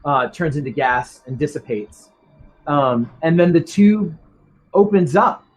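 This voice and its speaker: A man's voice: a little high, animated, unhurried, low-quality recording. A man narrating as game master for a tabletop game, rambling with many ums and restarts.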